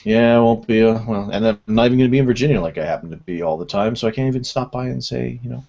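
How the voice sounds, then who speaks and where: A man's voice: medium pitch, rapid-fire, vocal fry, warm tone. A man hosting a casual web radio show, rambling and self-deprecating as he runs through the segments. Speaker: host. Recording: dull lo-fi audio.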